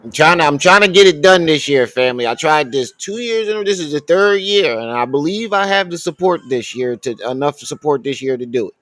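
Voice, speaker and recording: A man's voice: a little high, lively intonation, a little fast, few pauses, fairly bright tone, dry recording. A man hosts a live stream in a loose, chatty way. He reads donations and talks back at a clip he is playing. His voice sounds dry and close to the mic. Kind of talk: casual commentary stream.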